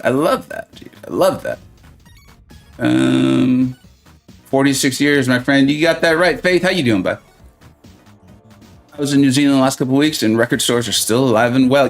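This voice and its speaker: A man hosting a live mobile-game stream, chatting and joking with viewers, reading their comments aloud and laughing often. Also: a little high.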